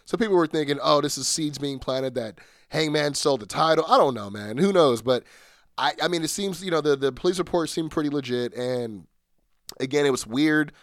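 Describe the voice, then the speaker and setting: A man's voice: on the high side, a little fast, dry recording, studio quality. A man hosting a solo podcast, chatting casually with lots of fillers and restarts. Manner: rambling, many fillers and restarts. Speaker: podcast host.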